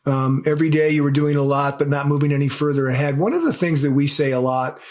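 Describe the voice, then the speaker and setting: Thoughtful male co-host, higher voice. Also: quick pace, darkish tone. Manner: thoughtful, searching for words. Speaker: podcast co-host. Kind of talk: interview questions.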